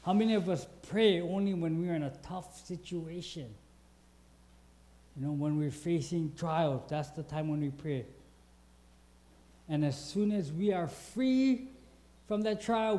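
A man's voice: a little high, unhurried, pauses often, dark tone. A man preaching a sermon in a conversational way, asking the congregation questions and reading scripture aloud.

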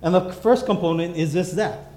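A pastor preaching a sermon in emphatic, repeating refrains. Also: male voice, on the high side, moderate pace, warm tone, echoey room, slight background noise.

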